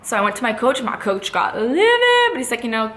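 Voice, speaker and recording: A young woman tells a personal story straight to camera with a bright, forceful voice. She is candid and blunt, swearing and filling pauses with "like" and "you know". The room rings with echo and a faint hum sits behind her. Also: fairly high pitch, big pitch swings. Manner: candid and fired up, swears freely, many fillers. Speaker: fitness competitor. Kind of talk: casual storytime monologue. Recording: echoey room with faint ambience.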